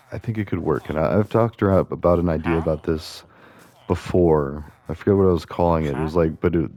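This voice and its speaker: Playing a video game, a low-voiced man offers dark, mellow commentary. His talk is casual and rambling, drifting between ideas as he thinks aloud with lots of fillers and restarts.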